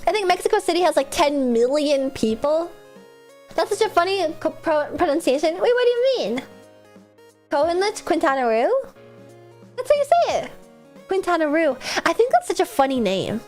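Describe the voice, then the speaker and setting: Young female streamer, high and very animated voice, bubbly rambling chat, light music underneath. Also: moderate pace. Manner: bubbly and rambling, laughs often, swears casually. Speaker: livestreamer.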